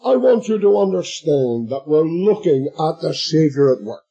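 A man preaching a sermon, slow and emphatic, addressing his listeners as beloved and swelling to shouts at the climaxes. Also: a little high, animated, creaky, husky, soft background music, rough recording.

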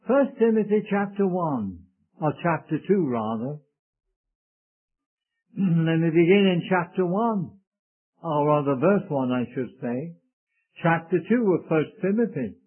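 A man's voice: a little high, lively intonation, unhurried, long pauses, husky. A man preaching a sermon in an earnest, solemn way, speaking to his listeners as beloved. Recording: tinny lo-fi phone-like recording.

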